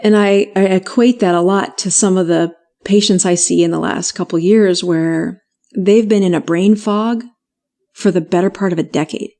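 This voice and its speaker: Woman physician telling her story, lower voice. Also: moderate pace. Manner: animated, laughs often, acts out quoted voices. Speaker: physician guest. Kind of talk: storytelling interview answer.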